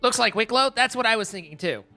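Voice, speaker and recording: A man chats on a live stream, rambling and tripping over his own words while laughing easily. His voice is bright and lively, a touch high, with soft music running underneath. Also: fast. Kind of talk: casual live-stream chat.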